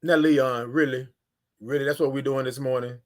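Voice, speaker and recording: A man hosting a casual morning livestream, greeting viewers by name in an animated way and drawing out his greetings. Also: mid-range voice, moderate pace. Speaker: livestream host.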